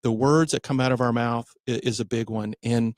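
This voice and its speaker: A man's voice: medium pitch, fairly even intonation, dry recording. A man hosting a radio talk show in a studio, chatty and correcting himself as he goes. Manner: chatty, self-correcting, slows for emphasis.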